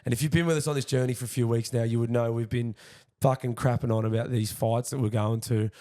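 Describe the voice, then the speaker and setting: A man's voice: mid-range voice, steady tone, fast, mellow. A young Australian man hosts a podcast in a loose, joking way, swearing often. His voice sits in the middle register for a man. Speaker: podcast host. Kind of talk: casual chat.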